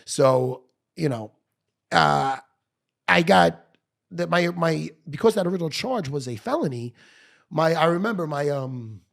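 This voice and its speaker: Middle-aged New man, gravelly and a touch high, swearing freely as he tells an animated story. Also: unhurried, long pauses. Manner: profane, animated, blunt. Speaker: podcast guest. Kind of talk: storytelling in conversation. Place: podcast studio.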